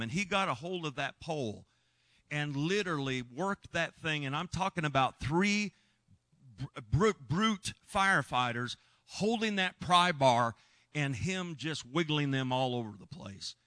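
A man's voice: on the high side, lively intonation, a little slow, no echo. A man preaching, telling a rescue story in an earnest, emphatic way. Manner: earnest, emphatic, shouts when reliving moments. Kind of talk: sermon storytelling.

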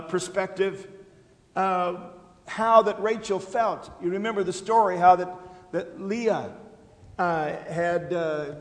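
A high-pitched man preaches a sermon in a church, stumbling over repeated words and filling pauses with uh. His voice rings through a roomy hall with a long reverb tail. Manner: halting, repeats words, fills with uh. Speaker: pastor. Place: church sanctuary.

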